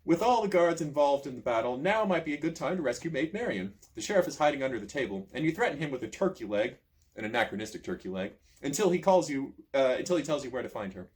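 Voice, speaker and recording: A man reading a choose-your-own-adventure book aloud, with lively storytelling and casual asides. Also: mid-range voice, quick pace. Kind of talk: expressive read-aloud narration.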